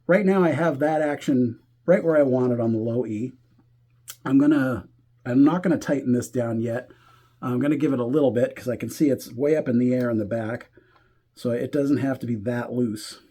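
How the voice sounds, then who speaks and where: A man walking through a guitar setup step by step, talking in a relaxed way while he works and thinking aloud as he goes. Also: mid-range voice, normal speed, slightly rough. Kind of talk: hands-on tutorial explanation.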